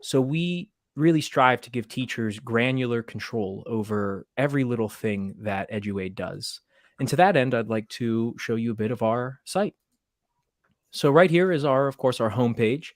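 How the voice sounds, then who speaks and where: A man's voice: medium pitch, normal speed, dry recording, studio quality. A man who teaches middle school presents a webinar demo, explaining things steadily with the occasional filler. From Maryland, USA.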